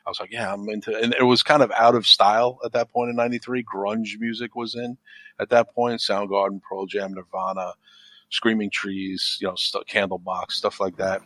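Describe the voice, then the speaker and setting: A middle-aged man talks casually on a podcast in a fairly low voice. He rambles, repeats himself and gets animated as he retells stories. The recording is close and dry. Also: normal speed, dry recording. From United States. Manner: rambling, repeats words when emotional, animated when telling stories. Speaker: podcast guest. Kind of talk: casual chat.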